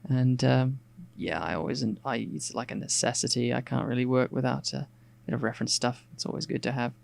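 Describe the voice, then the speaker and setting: Gravelly Australian man sketching and chatting. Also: medium pitch, fairly quick. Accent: Australian, with some English RP picked up. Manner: relaxed and rambling, thinking aloud with many fillers. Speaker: artist streaming a sketch. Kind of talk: casual narration while drawing.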